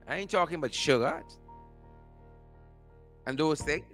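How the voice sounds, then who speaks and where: A man's voice: high voice, very animated, a little slow, pauses often, bright, forceful tone, faint music behind. A man hosting a political commentary show, mocking and repeating phrases for emphasis. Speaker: show host.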